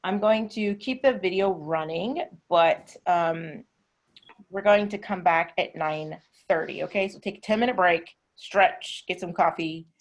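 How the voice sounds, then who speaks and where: A woman with a Southern American accent teaches an online English class, explaining patiently and stretching her words. Her voice sits a little low. She comes through a video call. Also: measured pace. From southern United States.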